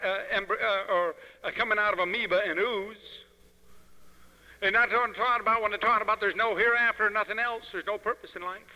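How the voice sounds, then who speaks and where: Man, fiery lecturer, emphatic preachy storytelling, high voice, old 1970s recording, long hall reverb. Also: bright, forceful tone. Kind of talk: impassioned political lecture.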